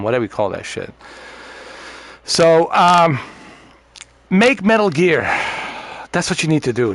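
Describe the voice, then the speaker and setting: A man's voice: mid-range voice, dry recording. A man ranting bluntly and profanely in a casual gaming party chat. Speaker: streamer.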